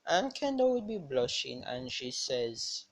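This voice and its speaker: A speaker improvising a fan-fiction story aloud, rambling and halting, with many fillers and restarts. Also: medium pitch, big pitch swings.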